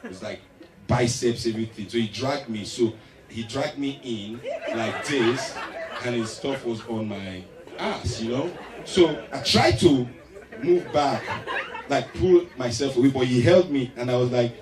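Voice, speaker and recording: A man's voice: medium pitch, unhurried, recorded from a distance. A man doing stand-up comedy, telling a story animatedly and slipping into acted voices, recorded live on stage in an echoey hall. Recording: echoey live hall, mic from afar, crowd.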